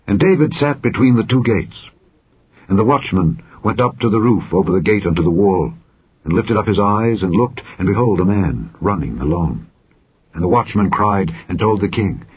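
Measured, husky male scripture reader. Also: low voice, narrow, tinny audio. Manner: measured, dignified. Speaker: Bible reader.

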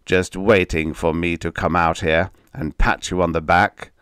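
A man with a low voice playing a cruel, sneering middle-aged stepfather who threatens his stepchildren in a dark audiobook story. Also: fairly even intonation, a little slow, clear, resonant tone, no room sound, clean studio sound. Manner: menacing, sneering, mock-humble.

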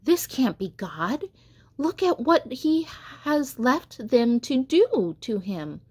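A woman's voice: medium pitch, expressive, slow, a little mellow, breathy edge. A woman voicing a proud young male tree, anxious and pleading as he wonders aloud in a storybook. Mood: agitated.

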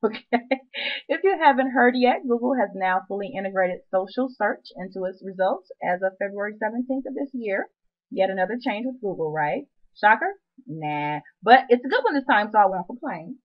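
A woman's voice: mid-range voice, expressive, normal speed, muffled recording. A woman presenting a screen-recorded web marketing tutorial, chatty and upbeat with playful asides.

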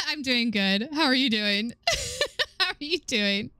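A young woman streaming a horror game, her voice lively and leaping around in pitch as she reacts. She sounds bright and sharp, talking straight into a dry desk mic with no room sound at all. She swears, laughs a lot and keeps checking in with her chat. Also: slow, no echo. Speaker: gaming streamer. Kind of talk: let's play commentary.

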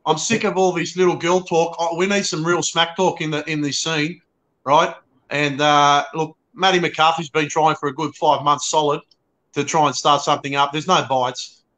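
Bright, cheeky Australian man. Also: fairly high pitch, little pitch movement, normal speed. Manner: cheeky, banter-heavy, says mate often. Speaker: guest, fellow show host. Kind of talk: casual live-stream chat.

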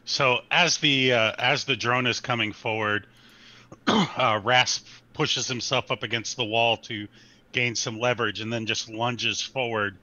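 A man's voice: mid-range voice, steady tone, measured pace, bright, forceful tone, lo-fi sound. A man playing a tabletop role-playing game, asking about the rules and describing his character's moves. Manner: asks rule questions, describes action. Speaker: player. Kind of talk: casual game chat.

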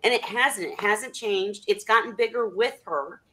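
A woman hosting a casual video call chat, talking in a chatty, rambling, animated way. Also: mid-range voice, normal speed. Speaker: host.

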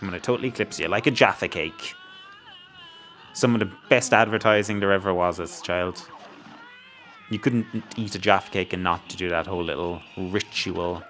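A man's voice: sits low, normal speed, fairly bright tone, slight background noise. Jokey man narrating his gameplay. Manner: jokey rambling banter, talks to himself. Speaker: let's play host. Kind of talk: gameplay commentary.

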